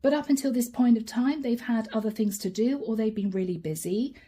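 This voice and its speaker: A woman giving a channeled tarot reading in a chatty, animated way, speaking straight to the listener by star sign and dropping to a soft whisper as she names each card. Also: a little high, a little fast. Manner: drops to a soft whisper when naming cards. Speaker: tarot reader.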